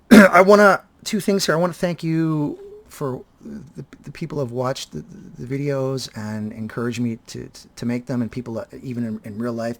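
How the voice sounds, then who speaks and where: A vlogger and teacher in his fifties talks casually and reflectively to his viewers in a medium-pitched voice. He often halts and repeats words as he restarts his sentences.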